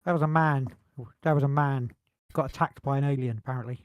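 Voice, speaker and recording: A man co-hosting a casual podcast, joking loudly, swearing and slipping into mock voices. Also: mid-range voice, fairly even intonation, fast talker, smooth, no room sound, dull audio. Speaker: podcast co-host. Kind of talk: casual chat.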